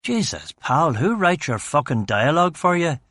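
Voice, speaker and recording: A man's voice: medium pitch, a little fast, dry recording, clean studio sound, lightly acted. A man voicing a battered detective, firing back sardonic retorts. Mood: defiant. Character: wisecracking Northern Irish detective, battered, defiant.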